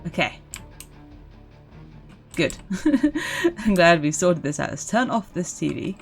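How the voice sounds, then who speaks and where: Giggly woman streamer, lively low voice. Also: slow, gravelly, faint music behind. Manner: giggly, chatty, talks to zombies. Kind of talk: casual gameplay commentary.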